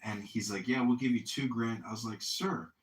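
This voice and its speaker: A man's voice: mid-range voice, steady tone, moderate pace. A man in a casual chat, telling a story with lots of swearing and quoted voices. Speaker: candidate podcast host. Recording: echoey room, distant mic, faint noise.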